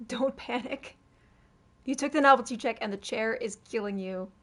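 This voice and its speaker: A woman's voice: on the high side, normal speed, a bit bright. Playful woman reading game lines. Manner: playful, with jokey asides. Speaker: game player reading dialogue. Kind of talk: let's-play, reading the hero's lines.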